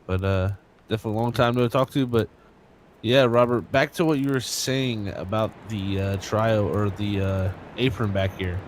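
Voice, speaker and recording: A man's voice: lowish voice, steady tone, moderate pace, a little hiss or hum. A young man commentating a sim race live, chatty and joking, with lots of fillers. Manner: casual, joking, filler-heavy.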